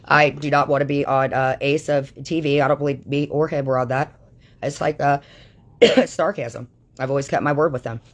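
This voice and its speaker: A woman's voice: a bass voice, fairly even intonation, normal speed. A woman on a livestream delivering an angry, profanity-laden rant that calls people out. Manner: furious, swearing constantly, calling people out.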